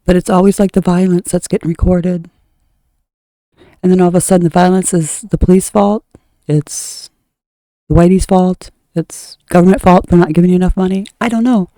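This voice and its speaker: A woman from the United States with a very dark, mellow tone, talking bluntly in a rambling monologue. She often trails off and restarts mid-sentence. The sound is close and dry, with no room echo. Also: lowish voice, fairly even intonation, normal speed. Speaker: tarot reader. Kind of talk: opinionated spoken monologue.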